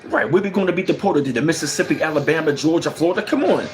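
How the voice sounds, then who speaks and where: With a slightly high, expressive voice and a darkish tone, this US livestream host talks quickly over soft background music. Profane and emphatic in a heated stream, he reads out viewer chat comments and fires off rhetorical questions.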